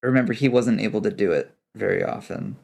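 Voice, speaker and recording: A man's voice: on the low side, a little fast, gravelly, a little mellow. A young man narrating a tabletop game as game master, rambling with many fillers.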